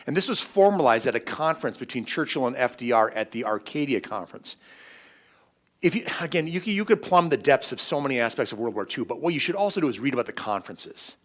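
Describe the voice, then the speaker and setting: Middle-aged male lecturer, animated storyteller, quick asides, parish talk. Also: medium pitch. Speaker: history lecturer. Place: church hall.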